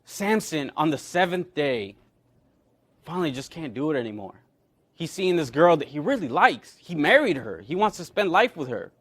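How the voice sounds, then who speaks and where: A man with a high-pitched voice preaches a sermon. He retells a scripture story with energy and acts out the characters' lines as he goes. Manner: animated, acts out quoted characters. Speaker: pastor.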